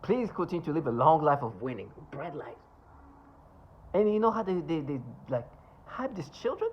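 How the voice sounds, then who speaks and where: A man's voice: fairly high pitch, sing-song, muffled recording, slight background noise. A man talking to camera in a rambling monologue, scornful and sarcastic, often stopping and restarting. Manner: halting, with many restarts and asides. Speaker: vlogger.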